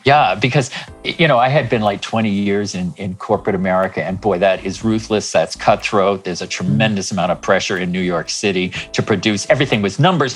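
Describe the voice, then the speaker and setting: Man, 60s, life coach guest; lively raconteur who performs the dialogue, soft music bed. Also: on the low side, quick pace. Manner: animated, acts out dialogue in shifting voices. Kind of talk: storytelling interview talk.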